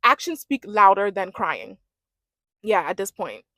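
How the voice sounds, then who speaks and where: A woman's voice: mid-range voice, sing-song, unhurried, sharp tone, dry recording, studio quality. A young woman giving a casual, sassy rant recapping a reality dating show and mimicking the cast as she goes.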